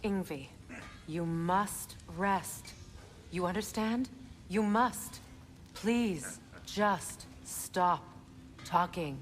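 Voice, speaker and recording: A stern, protective sister. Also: female voice, lowish voice, drawn-out words, in a large hall. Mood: firm. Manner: firm, pleading. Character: stern, protective woman tending her brother. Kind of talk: video game cutscene acting.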